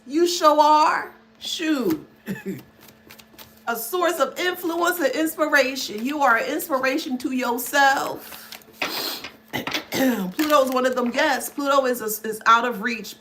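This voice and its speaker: High, laughing woman tarot reader. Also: slight background noise. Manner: laughs often, animated, calls the listener baby. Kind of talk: casual spiritual reading vlog.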